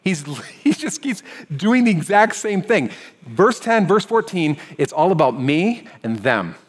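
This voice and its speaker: A man delivering a conversational sermon in a high, bright-toned voice. He drops to quiet, low moments, then lifts into animated stretches. The sound carries a long reverb from a church sanctuary. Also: unhurried. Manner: conversational preaching, swings from hushed to animated. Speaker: pastor.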